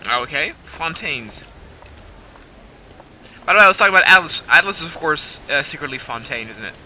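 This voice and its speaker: Young man, excitable let's play commentary, very bright tense voice, rambling. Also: on the high side, moderate pace, rough recording. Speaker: gaming video host.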